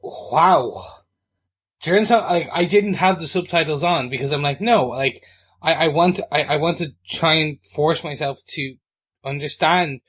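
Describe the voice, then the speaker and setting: A man with a fairly high voice talks through a TV episode with his co-hosts. His delivery is chatty and playful, full of fillers and little jokes. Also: a little slow, fairly bright tone, breathy edge. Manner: chatty, jokey, lots of fillers. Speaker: podcast co-host. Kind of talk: casual podcast chat.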